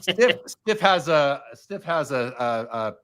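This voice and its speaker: Man, podcast host, casual chat, fairly high voice, frequent restarts. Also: lively intonation, takes it slowly, fairly bright tone. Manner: chatty, restarts often.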